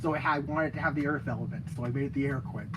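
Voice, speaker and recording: A woman's voice: very deep voice, very fast, heavy background noise. A young woman casually reading out her fan-game designs to a friend, stumbling and laughing at her own ideas. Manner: giggly, stumbling and self-mocking.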